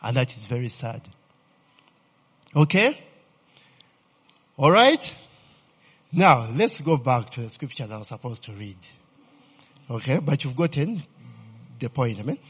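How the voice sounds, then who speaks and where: Slow, lively preacher in a hall. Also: male voice, medium pitch, breathy edge. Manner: checks in with listeners constantly, asks fill-in questions. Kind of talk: sermon. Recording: reverberant hall.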